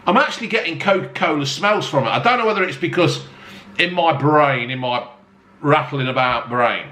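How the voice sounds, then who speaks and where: A man talks through a beer tasting in a blunt, foul-mouthed, joking way. His bright, fairly high voice swings up and down a lot. The sound carries a roomy echo. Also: expressive, normal speed, a little hiss or hum. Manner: blunt, heavy swearing, jokey self-mocking asides. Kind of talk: casual beer review to camera. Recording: echoey room with faint ambience.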